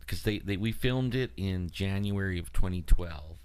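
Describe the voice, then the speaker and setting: Low-voiced man rambling through a story. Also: moderate pace, a little mellow, smooth. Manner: rambling, full of "like" and "you know". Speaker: co-host and field investigator. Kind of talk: casual chat.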